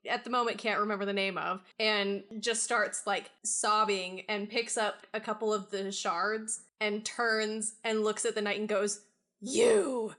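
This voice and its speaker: A woman playing in a tabletop game podcast, narrating her character with animated reactions. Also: mid-range voice, normal speed, few pauses. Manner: animated, laughs often. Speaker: player. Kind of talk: tabletop role-play.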